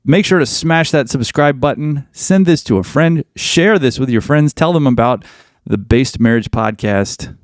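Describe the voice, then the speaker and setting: A man's voice: mid-range voice, animated, normal speed, no echo, studio quality. A man hosting a podcast, delivering a blunt, emphatic monologue that hammers points home through repetition. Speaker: podcast host.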